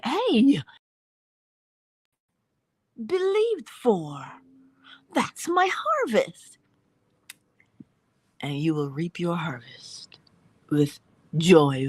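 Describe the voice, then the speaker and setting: A woman with a low, husky voice delivers an inspirational spiritual talk as host of a morning livestream. She speaks with animation, slips into little voices, and sinks into soft whispers for emphasis. The sound is dry and close. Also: no echo. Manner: animated, acts out dialogue in voices, drops to whispers.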